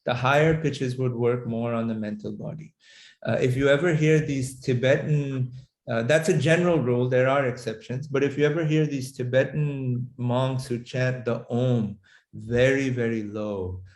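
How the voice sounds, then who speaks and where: A man teaching a class on mantra healing, explaining in a measured way with frequent fillers and restarts. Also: medium pitch, fairly even intonation, a little mellow. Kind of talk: lecturing to a class. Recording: echoey room sound.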